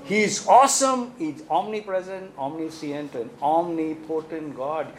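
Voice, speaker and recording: Animated Indian English preacher, high voice. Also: male voice, moderate pace, slight background noise, rough recording. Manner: animated, rhetorical questions, frequent "right?" tags. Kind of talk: sermon.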